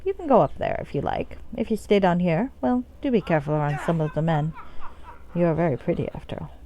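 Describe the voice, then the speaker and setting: A woman's voice: fast talker, mellow, muffled recording, a little hiss or hum, lightly acted. A woman voicing a sultry, flirtatious female brothel madam in a put-on accent, reading game dialogue aloud and drawling endearments. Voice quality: put-on accent she calls terrible. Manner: drawls endearments with deep swoops down.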